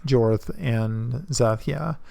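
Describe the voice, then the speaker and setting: A man narrating as game master in a tabletop role-playing game, with halting speech full of fillers. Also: mid-range voice, gravelly, mellow, dry recording.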